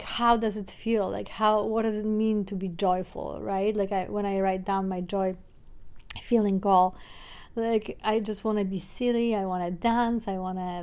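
Heartfelt rambling woman podcast host. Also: medium pitch. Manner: heartfelt, rambling, many fillers and restarts. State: tearful, getting emotional. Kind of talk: solo podcast reflection.

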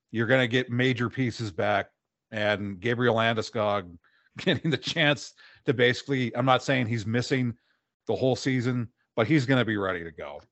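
A man's voice: medium pitch, fairly bright tone, dry recording. Confident male sports co-host, dry sound. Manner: confident, repeats words when starting. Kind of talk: casual sports radio chat.

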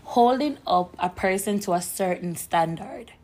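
A woman co-hosting a podcast in casual chat, her voice hoarse from shouting, telling stories with lots of fillers. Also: medium pitch, a little slow. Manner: chatty, animated storyteller with frequent fillers. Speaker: podcast co-host.

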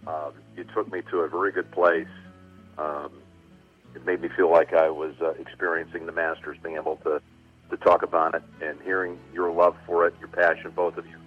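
Deep-voiced man on a phone line. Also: flat delivery. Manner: warm reflective storytelling with frequent pauses. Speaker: guest sportscaster. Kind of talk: casual radio interview. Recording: tinny phone line with music.

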